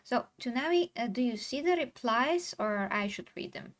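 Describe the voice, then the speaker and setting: A woman's voice: fairly high pitch, lively intonation, normal speed. Chatty woman hosting a stream. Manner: chatty, reading posts aloud with sarcastic emphasis. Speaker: streamer host. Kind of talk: casual livestream commentary.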